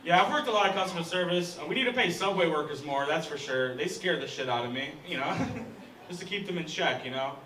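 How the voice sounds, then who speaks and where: A man's voice: on the high side, animated, fast talker. A young American man performing a live stand-up set, self-deprecating and chatty with the crowd. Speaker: stand-up comedian. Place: comedy club stage. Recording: echoey room from far off with loud crowd noise. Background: audience laughter.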